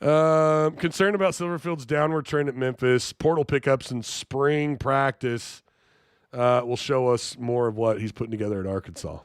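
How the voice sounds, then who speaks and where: A man's voice: medium pitch, fairly even intonation, moderate pace, smooth, dry recording, studio quality. A man hosting a live-streamed sports talk show, reading chat and reacting in an incredulous, jokey way.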